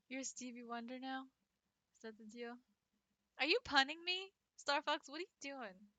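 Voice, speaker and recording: A young woman streamer chats casually with her viewers, laughing often and peppering her talk with "like." Her voice is bright and forward, and it sits close and dry, with no room sound around it. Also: sits high, moderate pace, dry recording. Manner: chatty, laughs often, many likes. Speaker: streamer and French teacher.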